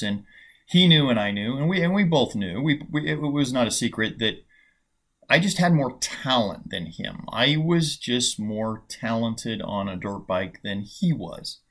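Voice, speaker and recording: A man in his fifties talks casually as a trading coach, his pitch sitting right in the middle for a man. He tells a story in a loose, chatty way, full of fillers and false starts. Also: a bit bright.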